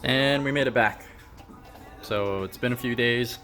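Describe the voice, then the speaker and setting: A man's voice: medium pitch, a little slow, bright, forceful tone, faint music behind. A man talking casually to camera about his car project, offhand and thinking aloud with a few fillers. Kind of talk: casual workshop vlog.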